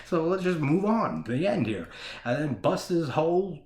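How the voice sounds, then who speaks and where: A man's voice: a little high, very animated, normal speed, darkish tone, echoey room. A man giving a casual solo discussion of a horror film, ranting with plenty of swearing and frequent laughter. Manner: profane, ranting, laughs often.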